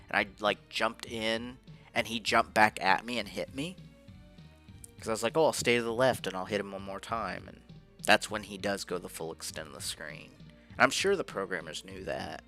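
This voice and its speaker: Over recordings of his own gameplay, a man with a lowish, bright, forceful voice offers rambling post-game commentary. He's casual but frustrated, swearing often, and faint game music runs underneath.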